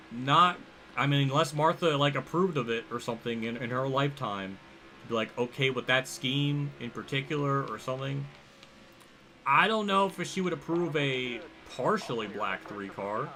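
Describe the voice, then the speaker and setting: A young man livestreaming a racing game, rambling and thinking aloud as he reacts loudly to the action on track. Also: mid-range voice, a little hiss or hum. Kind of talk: live gameplay commentary.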